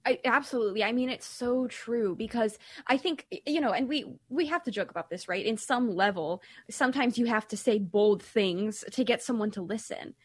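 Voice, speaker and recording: A woman from Ireland hosts a radio call-in show with a higher, lively voice. She talks in a chatty, quick way and keeps inviting listeners to call. The studio sound is dry and close. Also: husky, no echo. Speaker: radio host. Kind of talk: casual radio talk.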